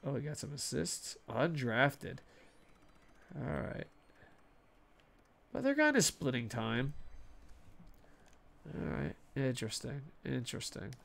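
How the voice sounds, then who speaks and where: Excitable swearing male game streamer. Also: medium pitch, takes it slowly, gravelly, long pauses. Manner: excitable, swears a lot, talks to himself. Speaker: gaming streamer. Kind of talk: casual gameplay commentary.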